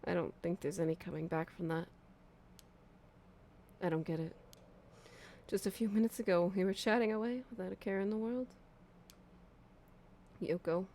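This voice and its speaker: A woman's voice: medium pitch, moderate pace, long pauses, dark tone, a little hiss or hum, close to an everyday voice. A woman reading a shaken young male horror game protagonist's dialogue aloud, urgently. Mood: stunned, sad.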